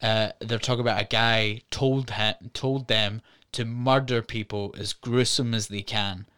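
A man talks through a film with a bright, crisp voice, like a co-host on a casual studio review show. He tells it as an animated story, stumbling over fillers and chuckling as he goes. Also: lowish voice, measured pace. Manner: animated storyteller, retells scenes with fillers and laughs. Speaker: podcast co-host.

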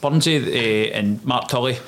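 A man's voice: medium pitch, moderate pace, slight background noise. A man, a former soldier telling his story in a casual interview and acting out the voices of those involved. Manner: animated storyteller, acts out quoted dialogue, swears.

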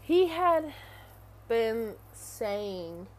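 A woman's voice: on the high side, big pitch swings, extremely slow, slight background noise. A young adult woman telling a casual story in a rambling, chatty way full of fillers. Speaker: vlogger.

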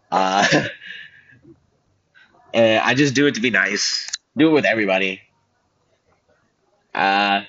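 A teenage boy hosts a podcast on his own, going off on tangents and joking at his own expense. His voice sits low. The school-room recording sounds muffled and lo-fi. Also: a bit bright. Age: teens. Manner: joking, self-deprecating, goes off on tangents. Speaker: student podcast host. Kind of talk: rambling solo podcast chat.

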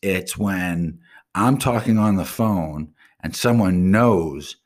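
A man hosting his own live stream show, ranting bluntly and swearing constantly, with casual slang. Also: low-pitched. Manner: casual slang, drawn-out asides. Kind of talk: profane solo rant.

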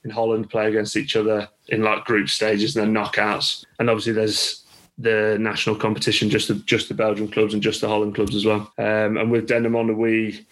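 A man's voice: on the low side, completely flat delivery, brisk, fairly bright tone, poor audio. A man with an English accent, a rugby coach telling stories as a guest in a casual podcast chat. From England. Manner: chatty, with many restarts and laughs. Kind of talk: casual interview storytelling.

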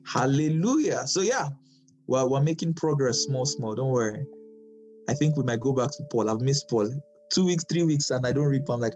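A man leads a Bible study, stressing his points and saying key lines twice. His voice is mellow and relaxed, of middle pitch. Soft instrumental music plays faintly underneath. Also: fairly quick, poor audio. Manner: emphatic, repeats phrases, light laughs.

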